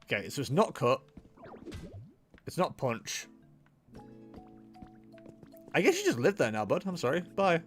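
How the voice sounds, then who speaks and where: A man streaming a video game, chatting casually as he plays. His voice is fairly high and very lively, swinging up and down. He is jokey and animated, with muttered asides. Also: unhurried, pauses often, soft background music. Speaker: gameplay streamer. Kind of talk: casual gameplay livestream commentary.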